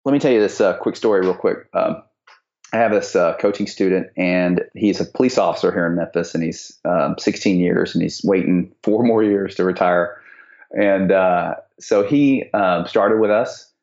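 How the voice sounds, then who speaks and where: A man's voice: low-pitched, moderate pace, darkish tone, dull audio. A man coaching real estate students, telling stories in a rambling way with many restarts, on a call recording. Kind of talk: casual podcast chat.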